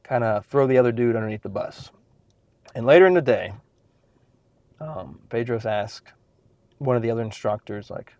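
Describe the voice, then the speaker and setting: Intense guy in his 30s, blunt and sweary, mid pitch, dry close mic. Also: darkish tone, no room sound. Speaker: podcast host, fitness trainer. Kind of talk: casual solo podcast monologue.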